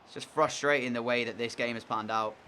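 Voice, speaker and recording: A man's voice: mid-range voice, fairly even intonation, a little fast, sharp tone, a little hiss or hum. A young man commentating on his own video game match in an exasperated, sarcastic way. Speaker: gaming commentator.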